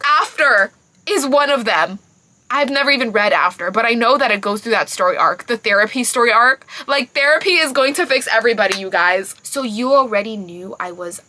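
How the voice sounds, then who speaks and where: A woman giving a casual book review, animated and incredulous, full of exclamations. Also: a little high, fairly quick.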